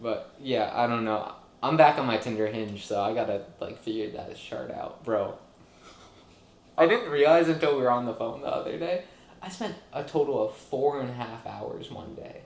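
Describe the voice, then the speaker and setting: A man's voice: mid-range voice, normal speed. A young man co-hosting a podcast in his apartment, chatting casually and self-deprecatingly with many fillers. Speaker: podcast co-host. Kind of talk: casual chat. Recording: echoey apartment room.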